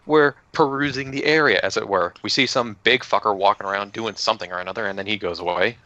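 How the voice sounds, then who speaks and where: Bright-voiced man recapping a game session. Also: on the low side, quick pace, no echo. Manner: loose and joking, with swearing and laughs. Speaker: player recapping the last session. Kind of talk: casual recap of a tabletop game. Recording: dull lo-fi audio.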